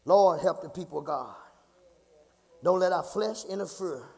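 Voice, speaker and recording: Pastor guy preaching hard, rough gravelly voice, goes from quiet to shouting, echoey church hall. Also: normal speed. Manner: impassioned preaching, swings from low murmur to shouting; call-and-response, repeats phrases. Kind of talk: sermon. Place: church sanctuary.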